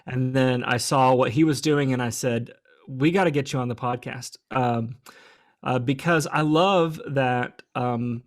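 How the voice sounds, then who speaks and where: A man co-hosting a podcast, introducing his guest thoughtfully, with frequent pauses and fillers. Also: medium pitch. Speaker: podcast co-host. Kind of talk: casual podcast chat.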